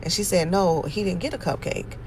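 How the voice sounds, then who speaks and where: A woman telling a story about her niece and nephew in a casual vlog, animated and exasperated, with sudden loud outbursts. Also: fairly low pitch, brisk, slight background noise, poor audio. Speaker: aunt telling a family story.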